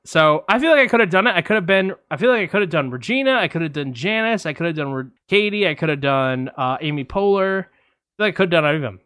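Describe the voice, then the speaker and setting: A young man co-hosting a casual film podcast, joking and boastful, talking in quick bursts with fillers. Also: a little high, animated, a bit bright, clear, resonant tone, dry recording. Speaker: podcast co-host.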